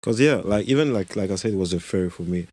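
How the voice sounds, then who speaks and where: A man's voice: low-pitched, expressive, fast talker, mellow, breathy edge, no room sound. A man hosting a podcast in his second language, French being his first, talking in a hesitant, filler-heavy way with many restarts. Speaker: podcast host. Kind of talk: conversational interview.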